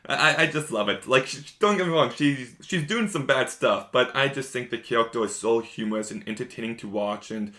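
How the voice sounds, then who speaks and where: A man's voice: mid-range voice, brisk, hardly any pauses, bright, forceful tone. A man giving a casual, rambling spoiler review of a show, enthusiastic and repeating himself often.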